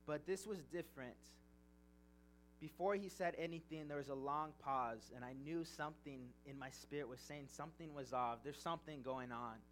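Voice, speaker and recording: Young male preacher, earnest and emotional, a touch high-voiced, with a faint hum behind. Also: normal speed. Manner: earnest, emotional, reading scripture then storytelling. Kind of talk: sermon with personal testimony.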